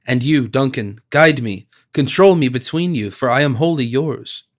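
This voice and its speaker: Brief: man voicing a dignified elder sister, firm, solemn, steady and mid-pitched. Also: moderate pace, lightly acted.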